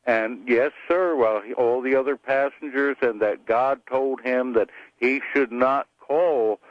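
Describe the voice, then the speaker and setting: A man calling in to a radio talk show, chatting casually and telling jokes in a halting way, often repeating words. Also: medium pitch, dry recording, highs cut off. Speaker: radio caller. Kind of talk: casual call-in chat and joke telling.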